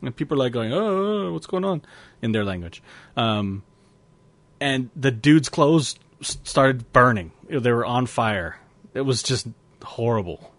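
A man's voice: mid-range voice, a little slow, fairly bright tone, no room sound. A man co-hosting a casual podcast, laughing often and rambling through stories. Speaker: podcast co-host.

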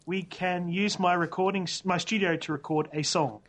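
A man reading the part of a brash, slangy male rapper in a comic read-through, flatly speaking the punctuation aloud. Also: high voice, normal speed. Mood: deadpan. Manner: reads out punctuation deadpan.

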